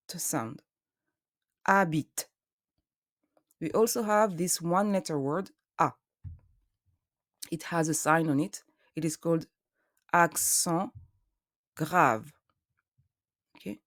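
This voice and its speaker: A woman's voice: deep voice, darkish tone, no room sound, clean studio sound. A woman teaching French pronunciation, patient and methodical, sounding out each syllable and explaining step by step. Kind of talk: slow, careful pronunciation lesson.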